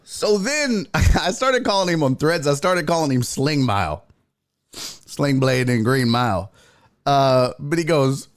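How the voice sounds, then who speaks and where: A man's voice: mid-range voice, normal speed. A man hosting a sports talk show, telling a profane story in a casual comedic way and putting on other people's voices. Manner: animated, profane, voices people in his stories. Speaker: podcast host.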